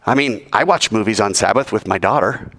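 A man's voice: lowish voice, fairly quick, a bit bright. A man giving a joking sermon to students and acting out quoted voices as he goes. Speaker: youth speaker.

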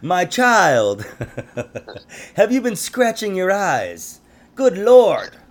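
A man voicing a fussing male clergyman who speaks slowly and dotingly. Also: sits high, huge pitch swings, fairly bright tone, voice pushed up, heavily acted.

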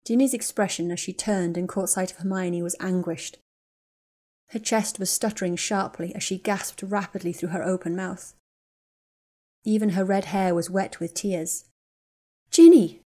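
A woman narrating a fanfiction audiobook in a measured, quiet storytelling manner. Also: fairly low pitch, steady tone. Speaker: audiobook reader. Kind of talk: scripted narration.

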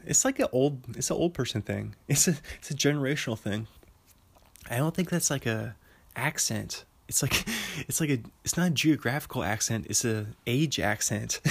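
A man's voice: medium pitch, lively intonation, moderate pace, gravelly. A young man from Washington State talking in a casual, rambling monologue, full of fillers and frequent laughter at his own jokes. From Washington State, USA. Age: young adult. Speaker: monologue talker.

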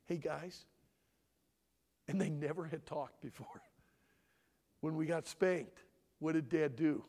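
A man in his sixties from Michigan, giving an animated sermon-style talk at a family conference and pressing his audience with questions. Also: fairly high pitch, slow. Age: 60s. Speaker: conference speaker.

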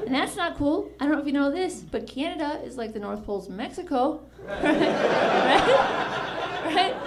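A woman performing a stand-up comedy set, telling deadpan jokes and giggling at her own lines, with silly voices for characters. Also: high voice. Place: comedy club with a live audience. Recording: loud audience and room noise.

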